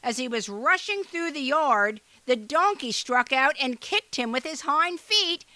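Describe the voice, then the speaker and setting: A woman reading a children's fairy tale aloud in an expressive, animated way. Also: high-pitched, unhurried, dry recording. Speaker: storyteller. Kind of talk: storybook read-aloud.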